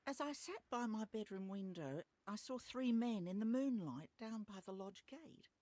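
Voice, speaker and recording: A woman's voice: mid-range voice, expressive, moderate pace, dark tone, a little hiss or hum, close to an everyday voice. An actress with an Australian accent playing a loyal, anxious house servant in a video game, giving her testimony earnestly.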